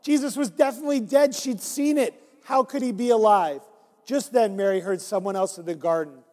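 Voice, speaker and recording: In a long, reverberant hall, a high-voiced man reads fairly quickly from an interactive Bible story. He is the children's minister, lively in manner and coaxing his young listeners to participate.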